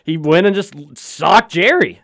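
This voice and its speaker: Animated sports talk host. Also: male voice, high voice, measured pace, vocal fry, no echo, clean studio sound. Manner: animated, jokey, talks over others. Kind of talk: casual sports podcast chat.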